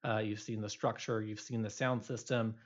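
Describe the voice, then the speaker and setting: A man's voice: on the low side, flat delivery, normal speed, muffled recording. A male instructor giving a recorded programming lecture, explaining loosely with many fillers and restarts.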